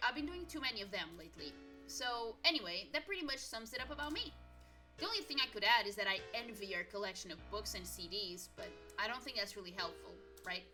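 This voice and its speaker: A woman voicing a friendly young woman in her twenties, a worried best friend who talks warmly and apologizes often. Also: mid-range voice. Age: 20s. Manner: warm, chatty, apologetic.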